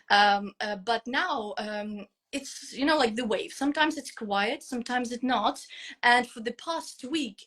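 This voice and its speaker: A woman's voice: on the high side, a bit bright. A Ukrainian-accented woman, speaking English as a second language, guesting on a live video interview. She talks hesitantly and emotionally, with many fillers and restarts. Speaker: guest teacher. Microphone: phone on a live video call.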